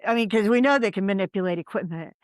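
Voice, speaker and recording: A woman's voice: medium pitch, fast talker, no room sound, studio quality. A woman who investigates the paranormal, a podcast guest telling a story in a rambling, casual way with many ums and likes.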